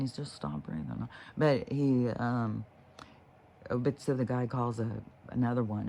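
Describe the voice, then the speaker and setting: Gravelly, dark-toned man for a spiritual vlog, rambling and profane, full of fillers. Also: on the low side, slight background noise. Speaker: spiritual vlogger. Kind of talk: casual rambling monologue.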